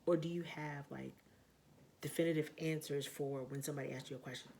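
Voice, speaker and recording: A woman talking in a casual vlog monologue, blunt and profane, with lots of fillers and emphatic, loud outbursts. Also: sits low, fairly even intonation, a little fast, gravelly, a little hiss or hum. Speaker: vlogger.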